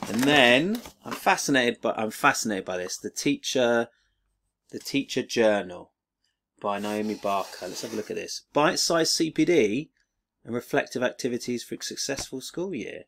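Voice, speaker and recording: Middle-aged male teacher vlogger, rather low voice, rambling and enthusiastic, casual chat to camera. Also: moderate pace, creaky, a bit bright, slight background noise. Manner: enthusiastic, rambling with many fillers and restarts. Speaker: teacher and video creator. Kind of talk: casual unboxing vlog.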